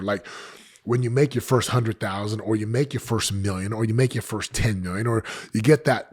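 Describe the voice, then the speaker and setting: On a podcast set, a man in his late forties speaks to camera in an emphatic motivational talk, often repeating phrases for effect. His voice is mid-range and husky.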